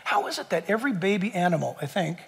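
High, animated preacher man in a hall. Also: fast talker, gravelly, slightly rough. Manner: preaching with animated, rising emphasis. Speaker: pastor. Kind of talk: sermon. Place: church hall.

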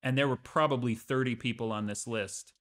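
A man's voice: medium pitch, fairly even intonation, a little fast, a bit bright. A man co-hosting a podcast, speaking casually and with enthusiastic, strong opinions. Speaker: podcast co-host. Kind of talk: casual conversation.

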